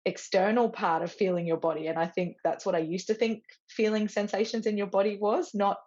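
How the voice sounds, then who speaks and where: A woman's voice: mid-range voice, fairly even intonation, fairly quick, darkish tone. A middle-aged woman hosting a podcast, chatting casually with many restarts and easy laughter. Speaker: podcast host and stylist. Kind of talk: casual conversational chat. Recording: dull lo-fi sound.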